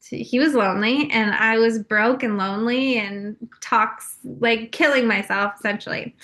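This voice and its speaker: This podcast guest, a young woman from California, delivers her personal story with confessional openness and plenty of fillers. Her medium-pitched voice sounds bright and forceful.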